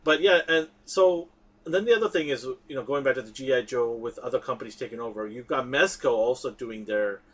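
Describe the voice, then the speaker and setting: Husky man in emphatic casual chat. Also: medium pitch, a little fast. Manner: emphatic, restarts and repeats words. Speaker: podcast co-host.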